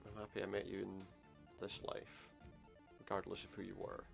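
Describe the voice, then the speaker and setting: A man's voice: sits low, completely flat delivery, normal speed, creaky, music in the background. A man playing through an adventure game, commenting wryly and reading the dialogue aloud. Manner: wry, sarcastic asides. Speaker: let's play gamer.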